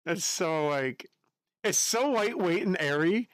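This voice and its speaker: An American man chats casually with his live-stream audience, chatty and giggly, reacting to the chat in an unusual voice. He sits high in pitch and sounds animated yet slow, with no echo.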